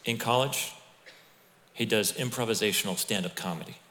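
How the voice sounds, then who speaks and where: A middle-aged man preaching a sermon as pastor, telling stories in a conversational, animated way with asides to the congregation. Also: lowish voice, moderate pace, slight background noise. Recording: long hall reverb.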